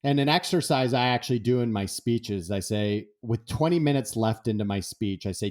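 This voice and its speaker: A man's voice: mid-range voice, moderate pace, few pauses. A man, a guest author, telling stories in an interview and acting out the dialogue. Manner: animated, acts out dialogue. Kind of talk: storytelling in an interview.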